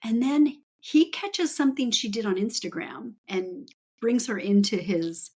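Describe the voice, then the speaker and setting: A woman's voice: fairly high pitch, unhurried, dark tone, breathy edge. A woman author as a podcast guest, telling stories with enthusiasm and frequent laughter in casual chat. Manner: enthusiastic storytelling, laughs often.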